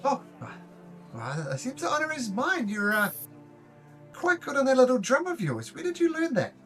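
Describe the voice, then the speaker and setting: A man's voice: moderate pace, soft background music, heavily acted. A man voicing a kindly, encouraging male minstrel in a tabletop game. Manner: kindly, flattering, high-pitched.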